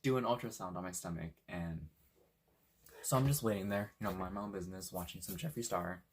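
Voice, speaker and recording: A young man from Washington State telling a story in a casual, animated way, swearing freely and acting out what people said. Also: low voice, brisk, a little hiss or hum. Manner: animated, swears a lot, acts out quotes. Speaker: vlogger.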